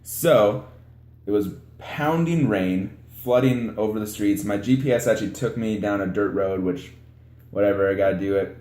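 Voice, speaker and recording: A young man telling a vlog story about a flooded road, animated and acting out his own panicked moments. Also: fairly low pitch, normal speed, roomy sound.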